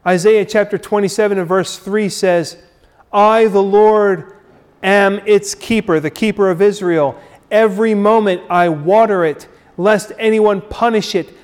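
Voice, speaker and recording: A man preaching a sermon, slow and emphatic, repeating his key phrases and dramatically acting out the quoted figures. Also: sits high, fairly even intonation, clear, resonant tone.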